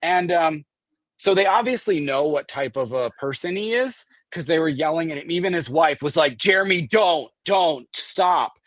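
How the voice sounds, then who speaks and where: A man recounting a wild scene in lively, swearing storytelling, jumping into other people's voices as he goes. His voice sits a bit high for a man. The sound is close and dry, with no room around it. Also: normal speed, dry recording. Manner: animated, acts out quoted voices, swears. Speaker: guest recounting an event. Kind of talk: casual storytelling.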